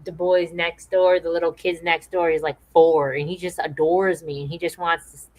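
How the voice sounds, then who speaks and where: A woman co-hosting a podcast, chatting in a relaxed way and reading viewer comments aloud. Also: on the low side, normal speed, rough recording. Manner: relaxed and conversational, with frequent restarts. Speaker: podcast co-host.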